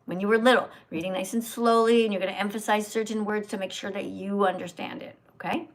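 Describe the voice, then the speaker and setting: An older woman hosting a livestream, lecturing and correcting a reader's pronunciation slowly and sternly. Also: medium pitch, steady tone. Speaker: host, vegan teacher. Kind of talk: livestream reading lesson.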